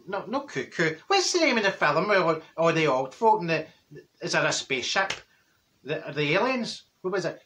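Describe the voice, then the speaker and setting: A man's voice: sits high, sharp tone, full character voice. A man playing a cheeky, blunt older woman from Glasgow with a Glaswegian accent, rambling through a gossipy comic monologue and laughing at his own jokes.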